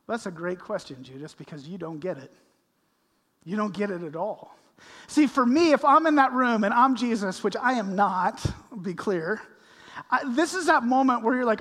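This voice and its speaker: Man, pastor, sermon, high voice, hushed to loud delivery, church sanctuary, long hall reverb. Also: lively intonation. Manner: swings from hushed to loud, slows for scripture.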